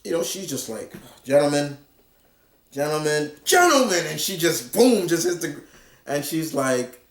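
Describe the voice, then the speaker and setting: A man's voice: a little high, moderate pace. A man casually reviewing a comic book, rambling with lots of fillers and restarts. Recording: roomy echo.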